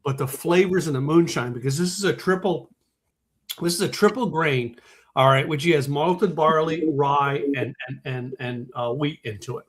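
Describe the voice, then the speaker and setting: A man's voice: on the high side, normal speed. A man, hosting a podcast in casual chat, enthusiastic and tripping over repeated words. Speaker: podcast host.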